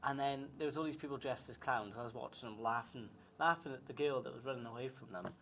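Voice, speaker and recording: A young man co-hosting a podcast in casual chat, chatty and quick to swear and laugh. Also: mid-range voice, bright, forceful tone, rough recording. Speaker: podcast co-host. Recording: faint background noise.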